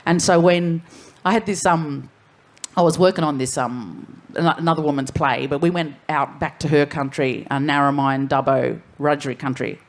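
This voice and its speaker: An Australian woman speaking frankly on a festival panel, wandering through her points and swearing casually. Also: sits low. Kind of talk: candid panel talk.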